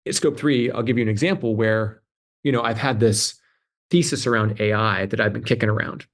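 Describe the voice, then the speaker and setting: A man's voice: fairly low pitch, fairly quick. A man speaking as an interview guest, telling stories casually and animatedly, with many "like" fillers and restarts. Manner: animated storytelling, acting out quoted voices. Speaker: interview guest, adtech CEO.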